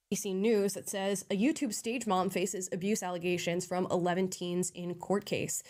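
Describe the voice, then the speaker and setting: A woman delivering scripted commentary in a measured way, reading out headlines and quotes. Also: fairly low pitch, fairly even intonation, a little mellow. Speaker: online commentator.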